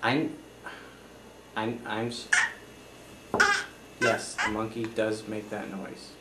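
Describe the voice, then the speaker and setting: A man's voice: lowish voice, flat delivery, takes it slowly, heavy background noise. Flustered apologetic man in echoey room. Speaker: comedy performer as accountant. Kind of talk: one-sided improvised comedy scene.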